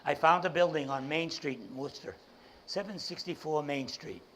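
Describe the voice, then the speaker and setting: A man giving a talk as an entrepreneur, telling a personal story in an animated way. He acts out the dialogue and often restarts his sentences with repeated words. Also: fairly high pitch, moderate pace, a little hiss or hum, poor audio.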